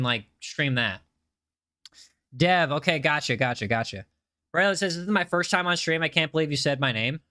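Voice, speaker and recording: Chatty bright-voiced male streamer. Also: a little high. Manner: chatty, reads chat aloud, repeats himself. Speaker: game livestreamer. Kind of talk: casual livestream chat.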